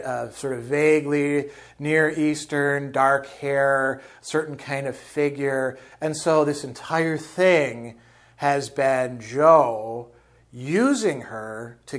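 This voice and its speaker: A man lecturing on a novel in a thoughtful way, filling pauses and checking in with "right?". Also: medium pitch. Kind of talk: literature lecture.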